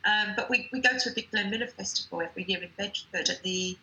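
A woman speaks with a bright, forward tone as an interview guest. She talks eagerly, piling up details. The room around her sounds echoey. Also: medium pitch, fast talker. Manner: enthusiastic, listing details. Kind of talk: casual interview chat.

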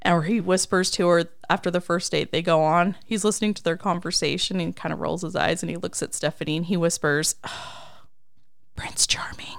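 A woman's voice: a little fast, vocal fry, few pauses, no echo, clean studio sound. A woman co-hosting a casual chat show, recapping a movie and acting out quotes. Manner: animated, acts out quotes in high voices. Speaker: podcast co-host.

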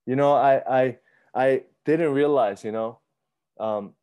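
A man in his thirties preaching a sermon in a conversational, animated way, often repeating himself and acting out his own thoughts. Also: medium pitch, slow pace. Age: 30s. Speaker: pastor.

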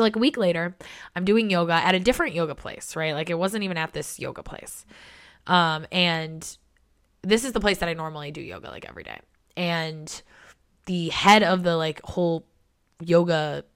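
A young woman hosting a casual solo podcast, chatty and excitable, swearing freely and filling her talk with "like". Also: fairly low pitch. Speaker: podcast host.

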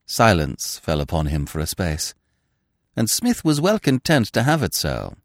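Male narrator, low voice, very lively pitch, dry close sound. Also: unhurried, no room sound. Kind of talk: storybook narration.

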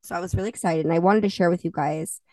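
A woman's voice: lowish voice, quick pace, dark tone, dry recording, recorded from a distance. A young adult woman co-hosting a podcast in casual chat, laughing often and swearing offhandedly. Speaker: podcast co-host.

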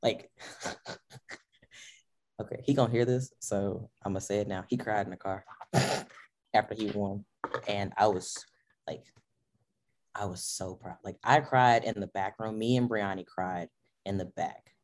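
A woman's voice: very deep voice, steady tone, a little slow, long pauses, a little mellow. A young adult woman guesting on a podcast, chatting casually and animatedly, acting out her own remarks and laughing often. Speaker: powerlifter guest.

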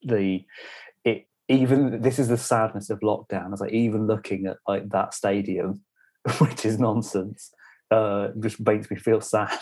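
Low-voiced man in rambling banter. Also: fairly even intonation, a little slow, a little mellow, slightly rough. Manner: rambling, filler-heavy banter. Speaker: podcast co-host. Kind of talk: casual chat.

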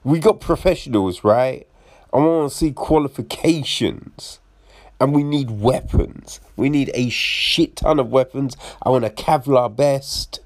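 Slow-talking man ranting, swearing freely. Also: mid-range voice. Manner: profane, rambling, frequent restarts; incredulous, rhetorical questions. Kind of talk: casual rant about films.

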